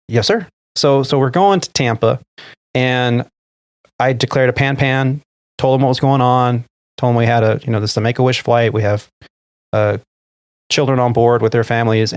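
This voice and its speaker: Animated man retelling a flight story. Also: mid-range voice, no room sound. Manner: animated retelling, acting out quoted dialogue. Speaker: airline pilot and podcast host. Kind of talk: casual storytelling on a podcast.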